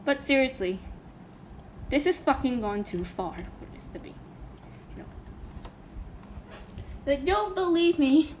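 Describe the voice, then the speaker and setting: A woman's voice: high-pitched, big pitch swings, takes it slowly, pauses often, heavy background noise. A woman reacting to a cartoon in casual, indignant commentary, swearing often and filling with "like" and "you know". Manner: indignant, swears a lot, many fillers. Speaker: reaction video host.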